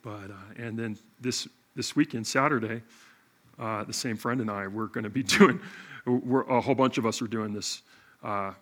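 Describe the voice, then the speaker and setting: A middle-aged male pastor telling a story in a sermon, animated and self-mocking. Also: on the low side, normal speed.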